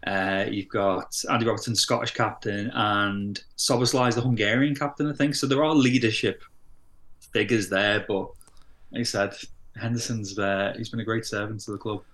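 A man's voice: on the low side, fairly even intonation, normal speed, a bit bright. A man co-hosting a casual football podcast, talking in an easygoing, hesitant way with frequent restarts. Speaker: podcast co-host.

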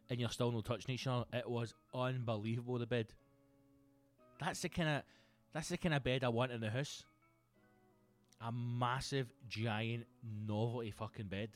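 A Scottish comedian rattles through stories in a sweary, animated monologue. His pitch is mid-range for a man, and faint music plays underneath. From Scotland. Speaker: comedian and podcast host.

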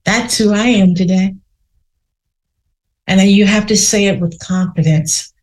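A woman's voice: medium pitch, a little mellow. A woman hosting a podcast, leading a guided meditation in a soothing way and repeating affirmations. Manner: slow, soothing, repeats phrases. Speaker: podcast host.

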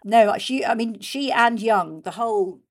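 A woman speaking as an interview guest, chatty and animated, with many fillers and restarts. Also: on the high side, a little slow. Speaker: guest discussing a radio show's history. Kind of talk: conversational interview.

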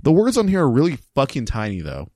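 A man co-hosting a casual podcast chat over drinks, jokey and animated, slipping into mock announcer readings. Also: mid-range voice, quick pace, no room sound, clean studio sound. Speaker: podcast host.

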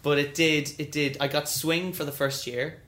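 A man spins a lively story as a podcast guest, acting out quoted lines in high, bright voices. His tone is bright and forceful. The room gives a clear echo. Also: moderate pace. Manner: animated, acts out quoted voices. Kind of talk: storytelling interview.

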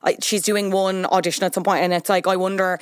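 Woman, podcast host, rapid gossipy chat, dry close sound. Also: mid-range voice, clean tone, no room sound. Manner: quick, gossipy, animated. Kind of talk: casual chat.

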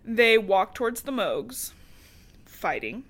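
A woman's voice: mid-range voice, very animated, slow. A woman co-hosting a podcast, casually recapping a book in a loose, chatty way with plenty of swearing and laughter. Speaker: podcast co-host.

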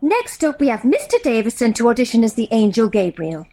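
Woman doing a fussy lady running auditions, high lively voice. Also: fairly quick, no room sound. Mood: flustered. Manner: flustered and polite.

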